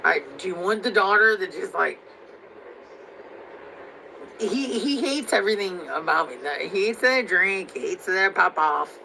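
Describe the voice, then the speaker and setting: Woman, gravelly voice, bright tone, crude rambling rant, faint noise behind. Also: mid-range voice, lively intonation, moderate pace, long pauses, low-quality recording. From Missouri. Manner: crude, heated, rambling with many fillers. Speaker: vlogger. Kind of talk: profane rant to camera.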